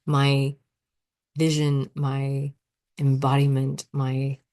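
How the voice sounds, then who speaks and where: A young woman with a low voice hosts a solo podcast as a coach. She talks in a loose, chatty way and keeps acting out her own thoughts as quoted asides. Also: completely flat delivery, extremely slow, warm tone.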